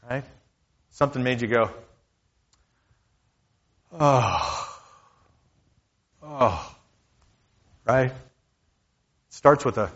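Male pastor, mid-pitched, casual preaching voice that repeats its points; slightly muffled recording. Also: a bit bright. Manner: conversational preaching, repeats key lines. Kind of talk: sermon.

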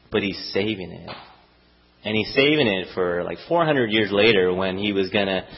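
A middle-aged man preaches a sermon in a loose, chatty way, now and then slipping into the voices of the people he talks about. His pitch moves around a great deal. The recording is dull and lo-fi. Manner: conversational, animated, often acts out voices. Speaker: pastor.

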